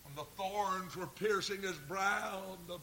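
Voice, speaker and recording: A man preaches in a high, bright, ringing voice. His delivery is folksy and earnest, with drawn-out emphasis. He sinks to near-whispers and then builds to forceful shouting. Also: breathy edge. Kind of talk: sermon.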